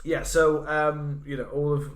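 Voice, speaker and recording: A man's voice: on the high side, level tone, unhurried. A man co-hosting a podcast in casual chat, rambling with many restarts. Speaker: podcast co-host. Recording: echoey room.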